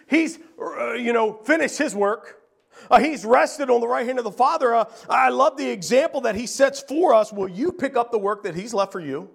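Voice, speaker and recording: A man's voice: very high voice, gravelly, fairly bright tone. A man preaching a sermon, reading scripture aloud and repeating key phrases with frequent fillers. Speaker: pastor.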